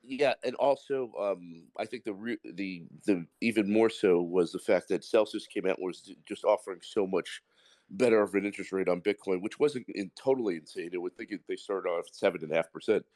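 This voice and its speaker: A man from the Bronx, New York, calls in to a live audio Q&A with a low-pitched, slightly mellow voice and a brisk pace. Asking his question, he speaks bluntly and at length, rambling and emphatic.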